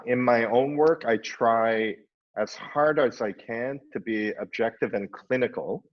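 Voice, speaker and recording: A middle-aged man, an architect and teacher, thinking aloud in a panel discussion, full of "uh"s and "you know"s. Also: medium pitch. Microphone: video call. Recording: dull lo-fi online call audio.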